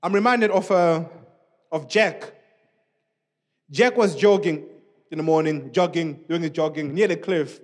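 A man preaching a sermon in a church, speaking in an animated, conversational way with many asides to the congregation. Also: on the high side, measured pace, long pauses. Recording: long reverb of a church hall.

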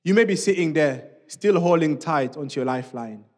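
A man preaching a sermon in a church, speaking in an animated, conversational way with many asides to the congregation. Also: on the high side, a little fast. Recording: long reverb of a church hall.

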